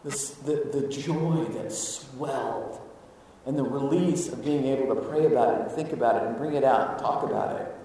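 A man preaching a sermon to his congregation, animated, moving between hushed asides and loud exclamations. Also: medium pitch, normal speed, a little hiss or hum. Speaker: pastor. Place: church sanctuary. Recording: echoey hall, mic at a distance.

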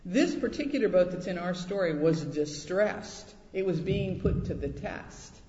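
A man preaching a sermon, telling a personal story and acting out quoted voices with lively pitch jumps. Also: a little slow, slight background noise. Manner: animated, acts out quotes in high voices. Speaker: pastor. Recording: echoey hall, dull lo-fi sound.

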